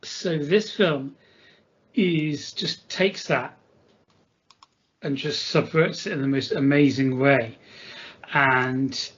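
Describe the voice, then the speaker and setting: A man explaining a film on a podcast in a measured, thoughtful way. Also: medium pitch, steady tone, a bit bright, breathy edge. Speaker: podcast guest. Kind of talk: film analysis. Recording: dull lo-fi audio with faint noise.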